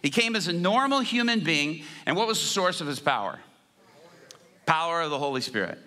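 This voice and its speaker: Preacher guy, high bright voice, super lively, cracking jokes mid sermon. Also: fairly quick. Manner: animated, joking storytelling. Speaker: guest preacher. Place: church service.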